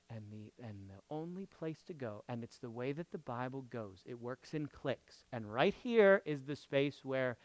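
A male pastor preaching with a lively, high voice that climbs and dips all over the place. He repeats phrases for emphasis and drops from loud declarations to near whispers. The sound is smooth and dry, right up on the mic. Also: no room sound. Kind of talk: sermon.

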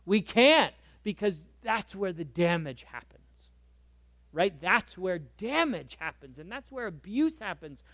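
A man preaching a sermon in a conversational way, moving between soft asides and lively emphasis. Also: high-pitched, a little slow, no echo. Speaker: pastor.

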